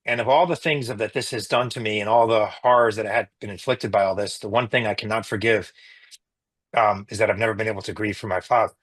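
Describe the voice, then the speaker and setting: A middle-aged man, a physician, giving an emotional personal account in an interview, halting with many restarts. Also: lowish voice, fairly even intonation, fairly bright tone, poor audio.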